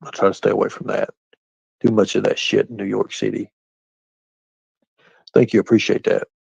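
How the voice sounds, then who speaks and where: Brief: low, gravelly-voiced man streaming, picking fights with chat, dry lo-fi sound. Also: flat delivery, normal speed, darkish tone, dry recording. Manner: combative, confrontational, talks straight back to chat. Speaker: livestreamer answering chat. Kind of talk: casual live-stream rant. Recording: dull, lo-fi dry stream audio.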